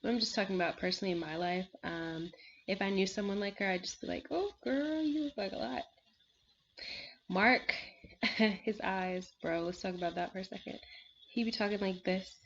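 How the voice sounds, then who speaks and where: A woman chats casually from her seat at home about a reality show, wandering off topic, using lots of fillers, and frequently laughing and sighing. She speaks fairly quickly in a lowish, steady, fairly bright voice. The slightly dull lo-fi recording has a bit of hiss or hum.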